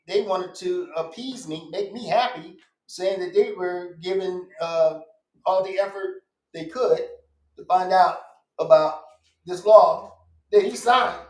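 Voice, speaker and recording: A man's voice: high voice, takes it slowly. A man guest on a podcast, speaking in an emphatic, insistent way and repeating his points. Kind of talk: casual podcast conversation. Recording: echoey room.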